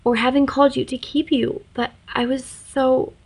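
A woman's voice: high-pitched, flat delivery, moderate pace, darkish tone, slightly rough, pitched above the performer's own voice. Woman reading as a tearful, stammering young woman.

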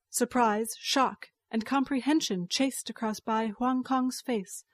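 Woman narrator, higher voice, unhurried, dry studio read. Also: steady tone, no echo. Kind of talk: scripted story narration.

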